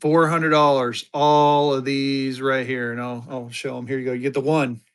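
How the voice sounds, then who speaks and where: A man's voice: mid-range voice, flat delivery, normal speed, clear, resonant tone. A man hosting a live-stream auction, chatting upbeat with bidders and hyping each item as he sells it.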